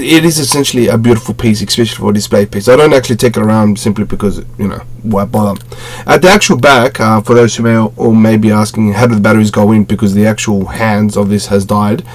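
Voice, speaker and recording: A man casually reviewing a collectible on a webcam at home, rambling, with many fillers and self-corrections. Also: lowish voice. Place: home room with display shelves.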